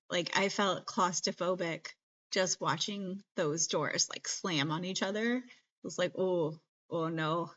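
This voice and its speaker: A woman's voice: mid-range voice, a bit bright. A woman hosting a podcast, recapping a movie in a chatty, joking way full of "like". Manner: chatty, filler-heavy, jokey. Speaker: podcast host. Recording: dull lo-fi podcast mic.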